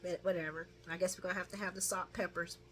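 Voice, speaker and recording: A woman with a bright, forward voice talks through a daytime soap recap in a loose, chatty way. She is sassy and laughs easily, and she throws slangy asides back at the characters. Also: lowish voice, level tone, fast, husky. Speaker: soap opera recap vlogger. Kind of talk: casual spoken recap.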